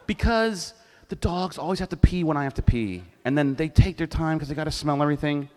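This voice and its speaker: A middle-aged cartoonist on a convention stage, telling crude comic stories in an animated way and laughing with the crowd. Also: male voice, a little high, normal speed. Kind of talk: comic live storytelling. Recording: long hall reverb.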